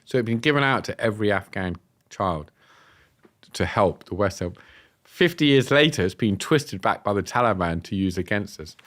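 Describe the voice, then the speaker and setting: A man from England telling a personal story on a podcast, animated and acting out the dialogue. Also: lowish voice, moderate pace. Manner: animated, acts out quoted dialogue. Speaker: guest telling his story. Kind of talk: casual storytelling. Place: podcast studio.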